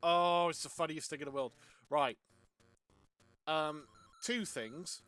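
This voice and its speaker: A man's voice: a little high, takes it slowly, fairly bright tone, clean tone, faint music behind. A young Welshman chatting casually while streaming a game, rambling with many restarts and laughs. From Wales.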